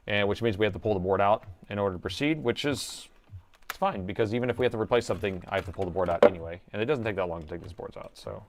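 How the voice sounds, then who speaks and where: A man's voice: on the low side, a little hiss or hum. A middle-aged man hosting a live repair stream, thinking aloud as he works and chatting to viewers in a casual way. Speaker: repair technician and stream host.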